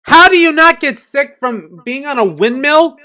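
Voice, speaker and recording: A woman's voice: high voice, lively intonation, normal speed, pushed and bright. A woman hosting a casual movie reaction, joking and exclaiming as she watches. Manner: playful, jokey, exclamatory. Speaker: reaction video host.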